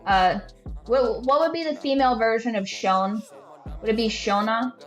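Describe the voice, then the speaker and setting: A woman's voice: fairly high pitch, normal speed, soft background music. A woman hosting a podcast, telling a story in blunt, profane casual chat full of filler words, acting out her friends' lines. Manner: acts out friends' lines in quoted asides. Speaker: podcast host.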